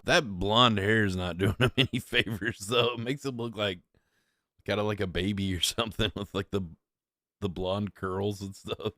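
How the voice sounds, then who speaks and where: A laid-back man chatting over clips in a loose, rambling way, often poking fun at himself. His voice sits a little low. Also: fairly even intonation, normal speed, pushed and bright. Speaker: streamer reacting to clips. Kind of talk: casual reaction commentary.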